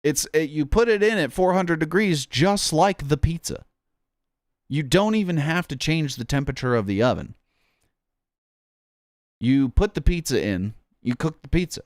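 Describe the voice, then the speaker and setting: Man, streamer, casual profane rambling, smooth voice, dry close sound. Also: a little high, lively intonation, normal speed, no room sound. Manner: rambling, profane, jokey, says "bro".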